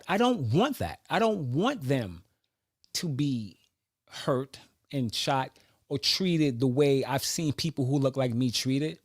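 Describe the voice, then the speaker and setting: A man's voice: a little high, dry recording, studio quality. A man speaking in a reflective personal monologue, searching for words with frequent restarts.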